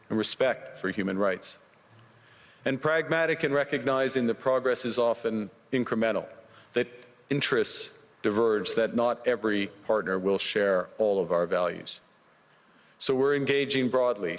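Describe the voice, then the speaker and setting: A man from Canada delivering a formal prepared speech in a measured, deliberate, rhetorical manner, as a played-back clip. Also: fairly low pitch, in a large hall. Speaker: political leader giving a speech.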